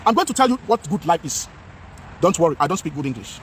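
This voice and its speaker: A high, quick-talking Nigerian man vlogs outdoors on a city street, switching between English and Pidgin. He repeats his points with great passion. Faint traffic noise runs underneath his voice. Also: big pitch swings. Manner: impassioned, repetitive, mixes Pidgin with English. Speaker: vlogger. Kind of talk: outdoor talking-head vlog.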